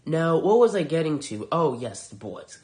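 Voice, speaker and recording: A man's voice: on the high side, big pitch swings, moderate pace. A man hosting a podcast, reviewing shows in a heated, profane, sarcastic rant. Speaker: podcast host.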